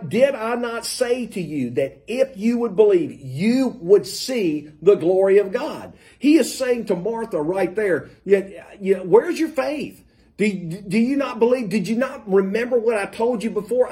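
A man preaching a sermon, talking through scripture in an easygoing, conversational way. His voice sits high for a man but has a dark, mellow tone. He stumbles over fillers and restarts as he goes.

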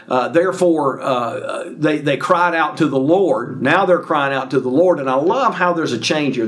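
Conversational male preacher, slightly high voice. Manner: conversational, many fillers and restarts, acts out paraphrased dialogue. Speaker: pastor. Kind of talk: sermon, Bible teaching.

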